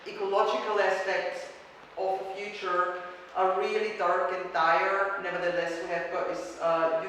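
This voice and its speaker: A woman's voice: lowish voice, fairly bright tone. A woman giving a workshop presentation and answering questions, talking hesitantly with many restarts, recorded from far off in a large echoing hall. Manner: hesitant, restarts often, searches for words. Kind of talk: conference presentation and Q&A. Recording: echoey hall from far off with noise.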